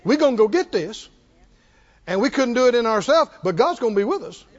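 A man's voice: very high voice, big pitch swings, fairly quick. A man preaching a sermon in a church, with emphatic call-and-response preaching. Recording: long hall reverb, dull lo-fi sound.

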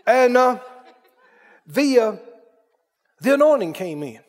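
Man, preacher, sermon, folksy storytelling, fervent, slow delivery, long hall reverb. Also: extremely high pitch, sing-song.

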